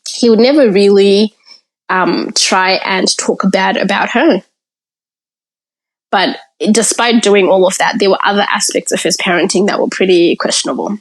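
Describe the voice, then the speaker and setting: A woman's voice: mid-range voice, normal speed, low-quality recording. A woman, a podcast guest frankly recounting her childhood in the present tense. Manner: candid, frank, tells the story in present tense. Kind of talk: personal storytelling in conversation.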